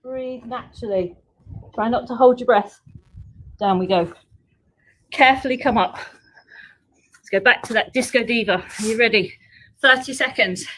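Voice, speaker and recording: A woman's voice: on the high side, normal speed, long pauses, fairly bright tone, rough recording. A woman leading a home workout class, coaching upbeat with chatty asides, a little out of breath. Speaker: fitness instructor. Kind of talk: live workout class instruction.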